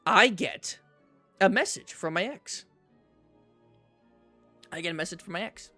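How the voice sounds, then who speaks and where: A man streaming, telling a personal story to his chat in a casual, animated way, often checking in with "right?". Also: high voice, a little slow, faint music behind. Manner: animated storyteller, repeats himself, says "right?" a lot.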